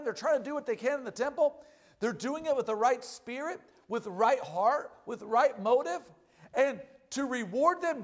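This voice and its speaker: A man preaching a sermon in an animated way, often calling out "amen?" and "hallelujah.". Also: very high-pitched.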